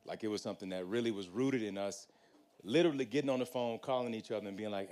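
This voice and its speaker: A man hosting a live panel, introducing guests with energetic, preacher-like hype and casual slang. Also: on the low side, quick pace. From United States. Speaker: panel host.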